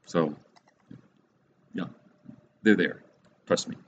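A man teaching a Bible study class in a classroom, relaxed and rambling, with many fillers and restarts. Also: deep voice, very slow, vocal fry. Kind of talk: classroom lecture. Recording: dull lo-fi recording with faint noise.

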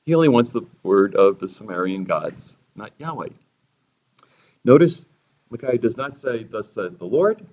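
A man's voice: fairly low pitch, expressive, unhurried, darkish tone, highs cut off. Sarcastic man teaching the Bible. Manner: sarcastic, theatrical, reads quotes in a raised voice. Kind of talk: sermon-style Bible teaching.

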